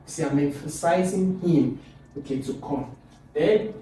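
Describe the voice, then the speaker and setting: Male teacher, animated and demonstrative, mellow tone; far-off mic in a very echoey room. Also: a little slow. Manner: lively, demonstrative, swoops pitch on example phrases. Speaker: English teacher. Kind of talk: recorded video lesson.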